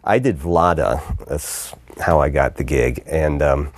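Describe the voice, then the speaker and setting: A man, a voice actor, casually recalling the small roles he played, with pauses. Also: very deep voice, dry recording. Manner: casual, halting. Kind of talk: interview recollection.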